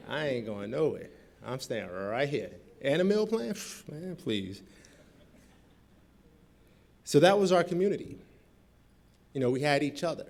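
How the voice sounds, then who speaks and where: A man's voice: mid-range voice, unhurried, creaky, long pauses. Guy from newark telling stories onstage, acts out all the quotes. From Newark, New Jersey. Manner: animated storyteller acting out quoted dialogue. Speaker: guest speaker. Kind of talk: storytelling keynote talk. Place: convention hall.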